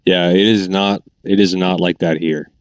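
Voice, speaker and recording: A man's voice: low voice, fairly even intonation, normal speed, no room sound. A Canadian man from the Ottawa Valley, rambling in casual chat with lots of fillers. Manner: rambling, filler-heavy talk. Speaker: tabletop game player.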